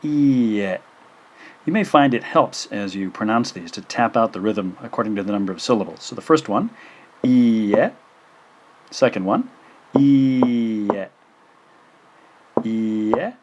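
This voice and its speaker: A man giving a recorded language lesson. He repeats syllables slowly and carefully, with frequent "uh" fillers. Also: fairly low pitch. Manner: slow, careful pronunciation drills with frequent "uh" fillers. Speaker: language teacher.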